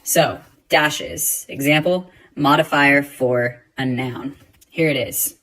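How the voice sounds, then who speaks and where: A man teaching a writing lesson, explaining grammar and rereading example sentences slowly and deliberately. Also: mid-range voice, steady tone, fairly bright tone, rough recording.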